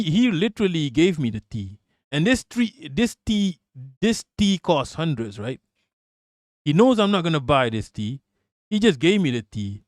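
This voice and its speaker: A man from Malaysia hosting a livestream, telling stories in an animated, swearing, casual way. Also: a little high, dry recording, clean studio sound. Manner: animated, profane storytelling. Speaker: livestream host.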